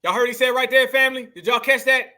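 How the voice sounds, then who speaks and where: A man with a high-set voice holds forth in heated, mocking commentary. His tone is very bright and cutting, and he turns again and again to his audience as family. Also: fairly even intonation, fast talker. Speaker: commentary channel host. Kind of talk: opinionated commentary.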